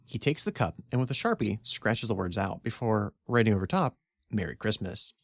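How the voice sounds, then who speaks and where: A man's voice: on the low side, big pitch swings, brisk, dry recording, clean studio sound. A man co-hosting a comedy podcast, reading his own script aloud with wry asides and frequent laughs. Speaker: podcast co-host.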